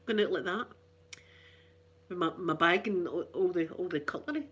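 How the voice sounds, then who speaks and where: A woman's voice: on the low side, expressive, moderate pace, long pauses, fairly bright tone, slightly rough. A middle-aged Scottish woman chatting casually for her ASMR channel, rambling through cheeky, self-mocking stories. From Scotland.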